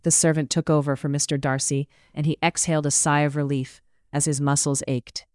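A narrator telling a period novel in a measured, even manner. The voice is smooth and clear, and the recording is close and dry with no room echo. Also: mid-range voice. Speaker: audiobook narrator.

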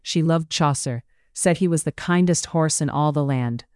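A distraught young gentleman, dazed and slurring after a fall, prattling between sobs, as an audiobook narrator reads him. The voice is smooth and close, with a dry studio sound. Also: medium pitch, normal speed, dry recording, close to an everyday voice. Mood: dreamy. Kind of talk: audiobook character reading.

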